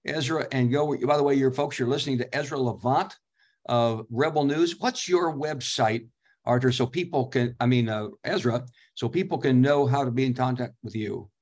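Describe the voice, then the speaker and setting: A man's voice: mid-range voice, normal speed, darkish tone. A man hosting a radio interview, loose and a little hesitant, stumbling over a name as he hands over to his guest. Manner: loose, hesitant, mixes up names. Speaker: radio show host.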